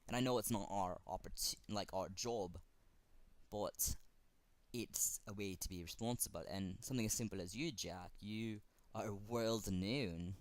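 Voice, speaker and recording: A man with a German accent speaking earnestly to camera in a fan tribute, halting and pausing often. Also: lowish voice. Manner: earnest, halting, with frequent pauses. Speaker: fan vlogger.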